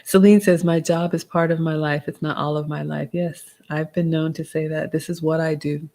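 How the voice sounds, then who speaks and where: Woman, 40s, Southern accent, low-pitched, polished and motherly, casual livestream Q&A host. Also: little pitch movement, normal speed, warm tone. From American South. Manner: polished, motherly advice-giving, reads comments aloud. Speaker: livestream host answering chat.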